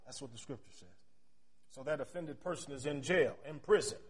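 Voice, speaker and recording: A middle-aged male pastor giving a sermon. He tells stories in a chatty way, and his loudness swings from shouting to near murmurs. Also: mid-range voice, brisk, a crowd in the background. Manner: storytelling, with chatty asides.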